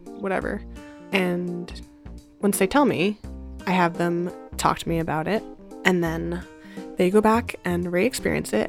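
Low and gravelly, a woman's voice leads a casual podcast conversation recorded at her home in New Jersey. As host she's chatty, laughs frequently, and sprinkles in plenty of likes and ums.

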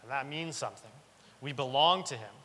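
A man's voice: medium pitch, brisk, pushed and bright, husky. A man preaching a sermon in earnest, repeating key lines for emphasis. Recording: long reverb of a large hall.

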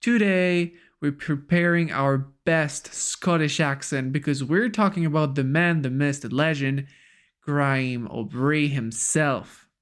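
A man's voice: on the high side, measured pace. A young French man with a French accent hosting a podcast in an upbeat, casual way, laughing easily. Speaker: podcast host.

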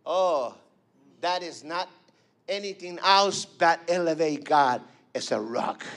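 A man's voice: on the high side, lively intonation, measured pace, a bit bright. A man preaching a fervent sermon, repeating phrases and calling for responses.

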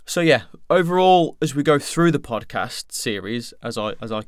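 A young man speaks alone into a close mic, rambling candidly and swearing now and then. His voice is smooth and resonant. The sound is dry, with no room around it. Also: mid-range voice, animated, normal speed, no echo. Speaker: podcast host. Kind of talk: solo podcast monologue.

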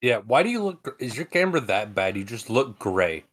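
A man's voice: medium pitch, very animated, brisk. Male podcast co-host, mid-range voice, playful teasing banter. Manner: teasing, laughs often. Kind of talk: casual chat.

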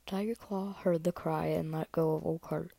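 A woman reading a story aloud in a soft whisper, with small slips and restarts. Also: deep voice, fairly even intonation, moderate pace, gravelly, no room sound, low-quality recording.

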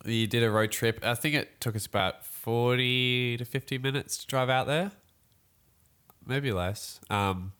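A man's voice: medium pitch, clear, resonant tone. A young man, telling a story in a casual podcast chat and acting out other people's voices as he goes. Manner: animated storytelling, quick laughs, acts out voices.

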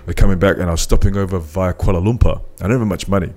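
A man's voice: low-pitched, racing, warm tone. A man from New Zealand with a New Zealand accent, hosting a podcast and telling a personal story casually, with plenty of fillers. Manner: storytelling, lots of "bro" and "um". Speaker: podcast host. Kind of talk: casual chat.

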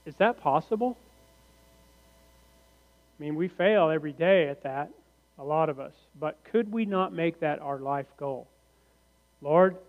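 A male pastor preaching a sermon in a church sanctuary, slow and deliberate, often posing rhetorical questions to the congregation. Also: on the high side. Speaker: teaching pastor. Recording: reverberant hall, muffled lo-fi sound.

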